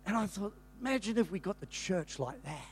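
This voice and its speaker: An older man preaching from the pulpit with a high, lively voice. He tells stories in a rambling, animated way, stops to restart his sentences, and suddenly breaks into loud shouts. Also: fairly quick, slight background noise. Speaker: pastor. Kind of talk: storytelling sermon.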